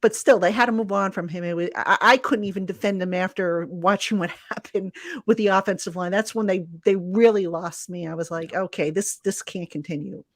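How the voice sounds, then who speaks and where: A woman sports reporter chats in an easy, explanatory way on a live online call. Her pitch sits in the middle, and the sound is dry and close. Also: fairly quick, dry recording. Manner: conversational, explains for listeners. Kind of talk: casual sports chat.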